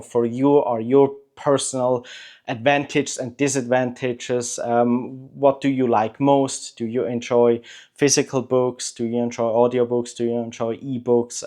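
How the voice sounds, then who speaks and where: Relaxed, chatty man with a middling voice. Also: medium pitch. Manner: relaxed, chatty and opinionated, with many hesitations. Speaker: book channel host. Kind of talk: casual talk to camera.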